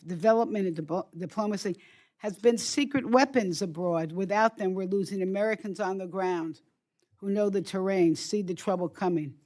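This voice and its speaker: Older woman giving a forceful prepared speech, stumbles a bit here and there. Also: lowish voice. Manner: emphatic, forceful delivery with stumbles and restarts. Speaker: congresswoman giving opening remarks. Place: hearing room.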